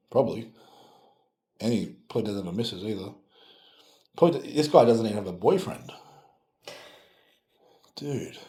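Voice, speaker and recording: In a warm voice on the low side, a strength coach reacts to comments in a casual video chat, sarcastic and playfully mock-scolding. His recording carries the echo of a roomy space.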